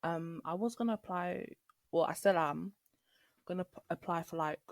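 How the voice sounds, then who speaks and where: A young woman, a podcast guest chatting casually and filling her talk with "like" and quick laughs. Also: fairly low pitch, no echo. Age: young adult. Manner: chatty, lots of "like" fillers, laughs easily. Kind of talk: casual chat.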